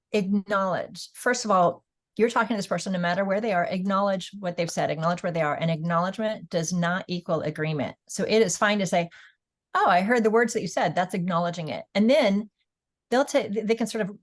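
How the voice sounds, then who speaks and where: A woman on a webinar panel, giving earnest advice with many fillers and restarts. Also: medium pitch. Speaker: panelist, author.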